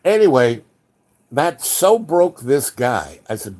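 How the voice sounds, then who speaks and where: A man's voice: medium pitch, very animated, slow, warm tone. A man telling a long anecdote in a casual, rambling way, with frequent restarts and fillers. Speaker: storyteller.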